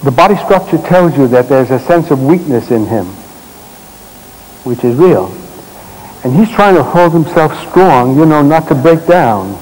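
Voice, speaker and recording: A man leading a live therapy demonstration on a stage, giving gentle, directive instructions in short commands and explaining to the audience as he works. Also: fairly high pitch, lively intonation, measured pace, slight background noise, rough recording. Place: stage at a congress.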